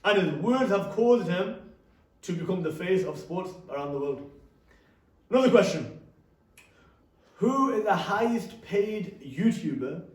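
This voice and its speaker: A man's voice: a little high, a little mellow, far from the mic. A young man giving an interactive talk to a youth audience, often asking them questions. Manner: conversational, asks the audience questions. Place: hall or classroom with a live audience. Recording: echoey room, speaker off-mic.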